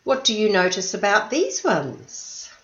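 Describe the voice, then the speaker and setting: A woman teaching an English lesson, speaking slowly and clearly and patiently stressing syllables. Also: medium pitch, huge pitch swings, fairly bright tone, echoey room, lo-fi sound.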